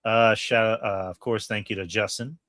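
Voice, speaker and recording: Male podcast host, lowish voice, dry close mic, loose and rambling. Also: steady tone, moderate pace, a bit bright, dry recording. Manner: rambling, many fillers and restarts. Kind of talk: casual podcast chat.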